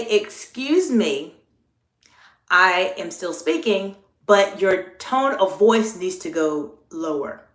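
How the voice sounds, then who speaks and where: A woman executive communication coach giving a live coaching talk, earnest and repetitive, slowing down to model the phrases she teaches. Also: on the high side. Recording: echoey room.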